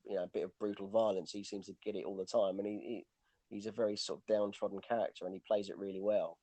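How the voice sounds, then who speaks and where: Rambling man, low dry voice. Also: flat delivery, quick pace, dark tone, no room sound. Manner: rambling, lots of restarts and "you know". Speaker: podcast co-host. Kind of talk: casual film chat.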